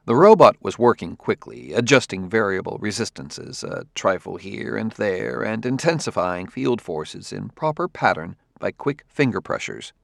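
A man reading a novel aloud as audiobook narrator, in a measured, steady way. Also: on the low side, gravelly, no echo, studio quality. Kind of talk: scripted narration.

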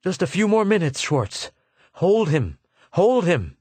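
A man's voice: medium pitch, animated, moderate pace, no room sound, lightly acted. A man reading aloud, voicing an injured, determined grown man who speaks urgently.

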